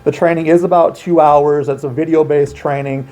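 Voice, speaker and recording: A man's voice: fairly high pitch, fairly even intonation, normal speed, mellow. A man working as an outreach coordinator, explaining child safety steps in an earnest, emphatic way during an interview. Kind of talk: informational interview.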